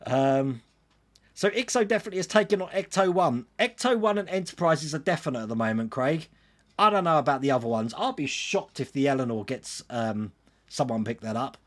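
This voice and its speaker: Brisk and expressive, a man with a mid-range voice hosts a casual livestream. He reads viewer comments aloud and responds to them in a chatty manner.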